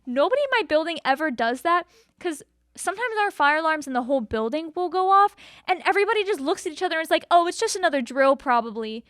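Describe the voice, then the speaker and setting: A woman in her twenties, a podcast co-host telling a story in casual chat and acting out the quotes with lively jumps. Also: quick pace, no echo, studio quality. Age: 20s. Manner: animated, acts out quotes with big pitch jumps.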